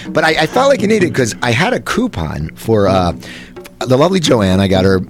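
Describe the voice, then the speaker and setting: A New Jersey man in his late forties hosts a casual talk show, rambling through stories and restarting often. His medium-pitched voice swoops wildly in pitch at a normal speed, with music playing in the background.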